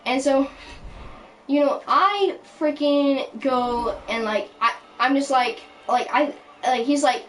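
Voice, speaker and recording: A storytime vlogger rants casually and indignantly, rambling with frequent restarts and fillers. Her high-pitched voice is a bit bright and slow-paced, with slight background noise. The recording places her at a distance, with clear background music.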